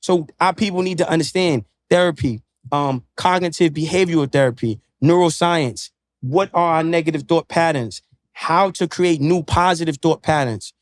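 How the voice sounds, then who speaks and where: A man's voice: on the high side, normal speed, no room sound, studio quality. A man who is a podcast guest, lecturing in casual chat with emphatic, profane street slang. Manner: preachy, lecturing.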